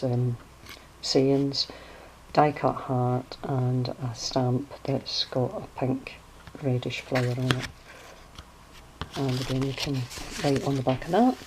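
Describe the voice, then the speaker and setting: Low-voiced woman, chatty craft walkthrough. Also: slight background noise, rough recording. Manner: chatty and relaxed, hunting for words, correcting herself mid-sentence. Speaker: crafter showing her handmade journal.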